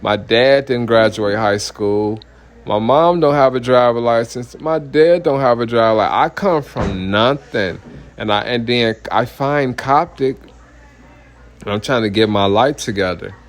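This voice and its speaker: A man's voice: medium pitch, a little slow. A man, a minister giving a heated, blunt personal testimony full of profanity and repeated "you know what I mean".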